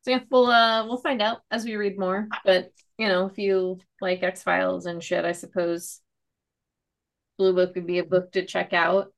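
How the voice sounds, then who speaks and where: A woman hosts a laid-back comic book chat, rambling through each issue with casual swearing. Her voice sits low with a gravelly fry. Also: level tone, normal speed. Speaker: comic book podcast host.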